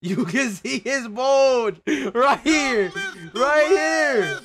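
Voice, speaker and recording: A young man of Mexican heritage chatting profanely with his livestream viewers, excitable and prone to sudden shouts and laughter. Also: extremely high pitch, very slow, a crowd in the background. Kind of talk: casual livestream chat with viewers.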